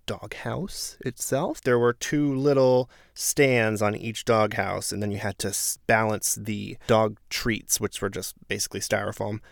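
Sarcastic gravelly man recapping a show. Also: on the low side, measured pace, few pauses, no echo, studio quality. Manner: exasperated, sarcastic, animated outbursts. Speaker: reality show recap host. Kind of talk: casual recap commentary.

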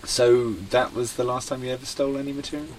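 A man hosting a casual interview, asking questions and reacting with quick interest. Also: mid-range voice, flat delivery, a little mellow, a little hiss or hum. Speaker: interview host. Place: inside a parked vintage bus.

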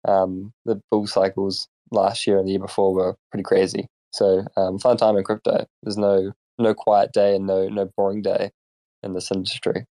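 A man's voice: low-pitched, flat delivery, moderate pace, mellow. Mumbling man with a New Zealand accent. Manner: mumbling, self-deprecating, hesitant. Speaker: guest, company executive. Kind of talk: casual chat.

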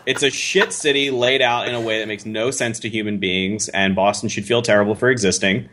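A man's voice: fairly low pitch, fairly even intonation, brisk, a bit bright, a little hiss or hum. A young American man co-hosting a podcast, riffing in crude, joking rants and laughing often. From United States. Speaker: podcast co-host. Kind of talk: casual chat.

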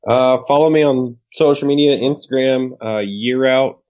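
A man guest on a podcast, telling a story in a loud, outgoing, wisecracking way. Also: mid-range voice, normal speed. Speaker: podcast guest, competitive shooter. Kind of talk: casual storytelling. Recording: muffled lo-fi sound.

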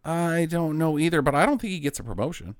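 A man's voice: on the high side, animated, fast talker, no echo, studio quality. Joking man hosting a casual chat. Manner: joking, asks questions, trails off.

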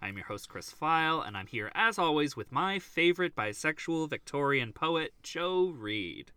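A man's voice: a little high, big pitch swings, normal speed, pushed and bright, smooth, no room sound. A man hosting a film podcast, chatting casually and animatedly with lots of fillers and laughter. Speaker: podcast host.

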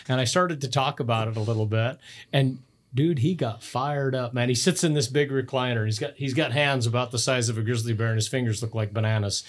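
A man's voice: mid-range voice, quick pace. A middle-aged man, a podcast guest, telling casual stories with laughs and many restarts. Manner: animated, laughs mid-story, frequent restarts.

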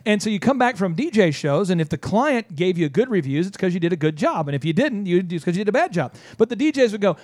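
A high-pitched, very lively man runs a business talk show, joking and acting out other people in playful put-on voices. The sound is dry and close, with no room around it. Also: fast, few pauses, no room sound. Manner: animated, jokey, switches into mock voices. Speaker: show host and business coach.

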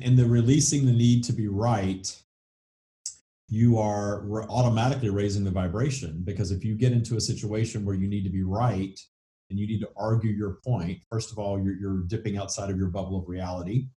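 A man's voice: on the low side, steady tone, normal speed, dark tone, echoey room. A man with a Southern US accent hosting a spiritual podcast, talking casually and repeating words as he thinks aloud. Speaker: podcast host.

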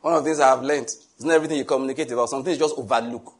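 A man's voice: mid-range voice, racing, husky. A middle-aged male pastor preaching a sermon, telling stories with a jovial, teasing manner and frequent chuckles. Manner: teasing, animated asides.

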